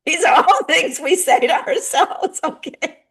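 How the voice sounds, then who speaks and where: A middle-aged woman and spiritual guide speaking in a gentle, earnest way about healing, now and then acting out little dialogues. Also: high voice, unhurried. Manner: gentle, earnest, acts out short dialogues with lively shifts. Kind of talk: heartfelt talk on healing grief.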